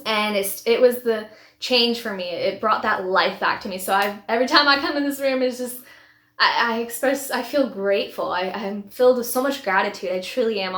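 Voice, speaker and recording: A woman's voice: fairly high pitch, moderate pace, a bit bright. A woman in her thirties, a vlogger telling her personal story in a heartfelt, rambling way with many restarts. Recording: echoey room.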